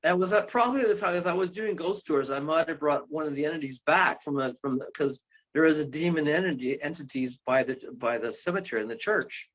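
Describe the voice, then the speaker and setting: A man's voice: on the high side, fairly quick. Rambling male guest telling a story. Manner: rambling, full of fillers and restarts, with excited exclamations. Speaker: guest, ghost tour guide and paranormal investigator. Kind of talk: storytelling in an interview. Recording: dull lo-fi sound.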